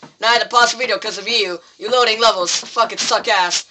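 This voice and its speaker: A man's voice: high-pitched, fairly even intonation, fairly quick, noisy background. A teenage boy commenting on his own gameplay, swearing and pleading with the game in frustration. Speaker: gameplay video maker.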